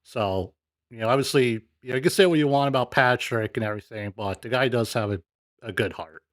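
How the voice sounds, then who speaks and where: A man with an ordinary mid-range voice hosts, talking casually between clips. He is hesitant and laid-back, filling pauses with uhs and ums, recorded dry and close. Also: medium pitch, fairly bright tone, no room sound. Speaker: show host reviewing clips. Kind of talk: casual commentary.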